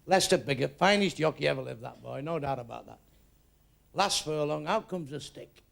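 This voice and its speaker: A man's voice: a little high, sing-song, moderate pace, gravelly. An older man telling crude stand-up jokes on stage, acting out voices with blunt punchlines. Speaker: stand-up comedian. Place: comedy club stage with audience.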